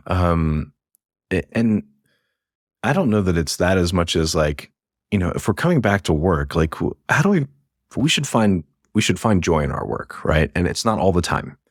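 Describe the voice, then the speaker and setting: Deep-voiced man, rambling guest. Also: big pitch swings, normal speed, no echo, studio quality. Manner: rambling, self-interrupting, laughs often. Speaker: guest, happiness speaker. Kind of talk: casual podcast conversation.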